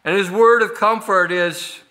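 A man preaching a sermon, slow and deliberate, with frequent pauses and fillers as he explains scripture. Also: high voice, steady tone, sharp tone. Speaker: pastor.

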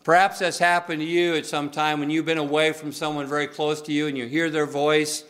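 A man's voice: fairly high pitch, bright, forceful tone. A male pastor preaching a sermon in a conversational, folksy way, with many filler uhs.

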